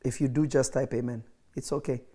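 A man's voice: medium pitch, fairly even intonation, brisk, dark tone, breathy edge. A man preaching an emphatic livestreamed sermon, repeating phrases for effect, with coughs and laughs between points.

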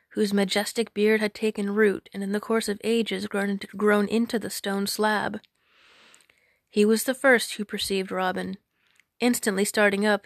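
A woman narrates an old folk tale at an even, measured pace, leaning into its drama. Her mid-pitched voice carries a gravelly fry at the ends of phrases. It sounds close and dry, with no room echo. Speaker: storyteller. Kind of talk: storybook narration.

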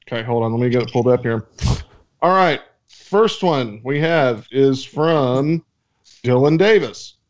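A man's voice: mid-range voice, measured pace, long pauses. A man co-hosting a casual podcast, reading listener questions aloud with joking, profane asides. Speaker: podcast co-host reading mailbag. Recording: dull lo-fi audio.

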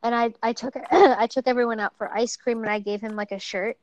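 A young woman with a fairly high voice chats softly as a co-host, her sentences often trailing off into "like." Her audio is dull and muffled, yet dry and close. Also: steady tone, fairly quick, no echo. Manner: soft-spoken, trailing off, lots of "like". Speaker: podcast co-host. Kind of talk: casual chat.

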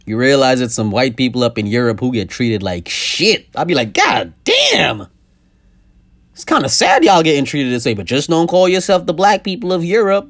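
A young man hosting a podcast, ranting casually and profanely, his voice swinging from loud outbursts to low asides. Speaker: podcast host. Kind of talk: casual comedic rant.

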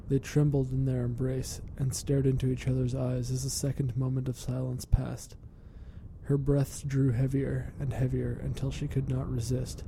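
A man narrating a horror story in a measured, steady reading. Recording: rumbling background noise.

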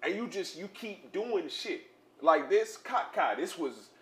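A young man co-hosting a podcast in casual sports talk, teasing, profane and quick to laugh. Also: high voice, sing-song, a crowd in the background. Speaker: podcast co-host. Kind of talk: casual sports and music chat. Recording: roomy echo, faint room noise.

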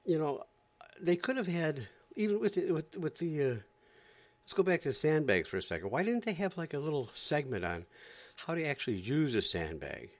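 Exasperated animated man ranting. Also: fairly high pitch, normal speed. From Florida. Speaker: comedian. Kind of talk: stand-up rant.

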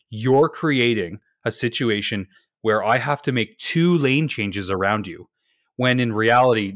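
A man's voice: mid-range voice, a bit bright, dry recording, studio quality. A man co-hosting a podcast, telling stories in a profane, exasperated rant. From Canada. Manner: profane, ranting, exasperated storytelling. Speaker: podcast co-host. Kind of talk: casual chat.

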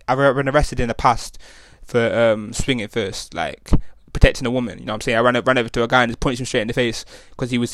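A man's voice: mid-range voice, a bit bright, dry recording, clean studio sound. A young man, hosting a podcast and telling a rambling story in slang, full of restarts and tag questions. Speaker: podcast host. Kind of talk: casual storytelling monologue.

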